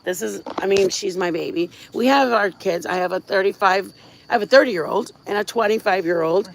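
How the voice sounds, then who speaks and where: A woman's voice: mid-range voice, a little fast, gravelly, slight background noise. A middle-aged woman from Michigan hosting a casual livestream outdoors at night, chatting in a rambling way full of fillers and restarts. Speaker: livestream host. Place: outdoors at night, crickets around.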